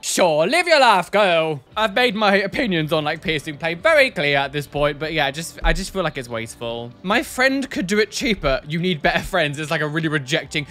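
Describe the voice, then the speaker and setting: A man's voice: a little high, lively intonation, fairly quick, few pauses, pushed and bright, soft background music. A man hosting a casual reaction video, blunt and exasperated, often sighing and repeating himself for emphasis.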